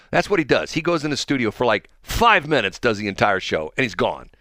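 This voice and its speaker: Male radio host, middle-aged, lively and bright, rambling jokes. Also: mid-range voice, a little fast, few pauses, no room sound, clean studio sound. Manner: animated, joking, rambling. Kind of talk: live morning radio chat. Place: radio studio.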